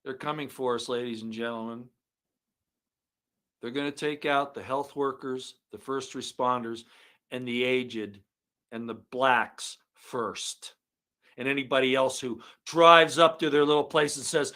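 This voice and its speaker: A man giving an angry monologue to his viewers, swinging from loud outbursts to low muttering. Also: steady tone, measured pace. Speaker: online commentator.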